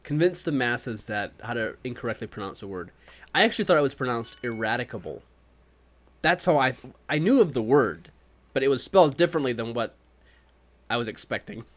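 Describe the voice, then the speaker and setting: A man's voice: mid-range voice, expressive, a little fast. A man co-hosting a casual podcast chat, talking thoughtfully with some restarts and reading a quote aloud. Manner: thoughtful, self-correcting, reads quotes aloud. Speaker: podcast co-host.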